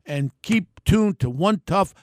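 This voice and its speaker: An older man, a podcast host giving a blunt, heated solo rant in a gravelly voice. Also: high-pitched, lively intonation, slow pace.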